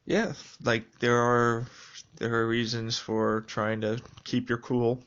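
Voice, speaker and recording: A man talking through a reflective personal video journal in a rambling, halting way with many fillers. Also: medium pitch, completely flat delivery, fairly bright tone, dull audio.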